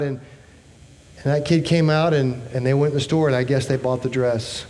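A man's voice: medium pitch, steady tone, normal speed, darkish tone. A man in his fifties preaching a sermon, emphatic, with rhetorical questions and joking asides. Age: 50s. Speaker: pastor.

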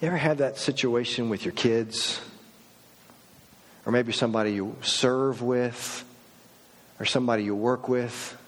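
A middle-aged male pastor preaching a sermon, swinging from loud mock outbursts to soft, low reflection. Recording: long reverb of a large hall.

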